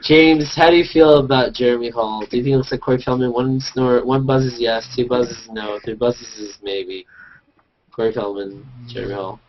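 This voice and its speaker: A man hosting a casual group video chat, joking and rambling with quick asides. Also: mid-range voice, steady tone, a little hiss or hum. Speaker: host and hangout organizer. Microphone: video call. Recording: dull lo-fi video call audio.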